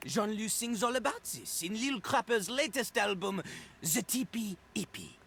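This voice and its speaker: A man's voice: high voice, animated, normal speed, fairly bright tone, husky, exaggerated voice. An actor playing a boastful male toilet in a video game, talking about himself in the third person with a French accent. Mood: swaggering. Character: cocky male toilet who raps, pompous French-accented.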